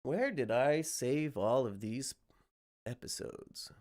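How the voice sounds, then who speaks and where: A man's voice: medium pitch, animated, slow, darkish tone. A man with a sick voice chatting casually on a livestream, rambling and swearing freely. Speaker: streamer.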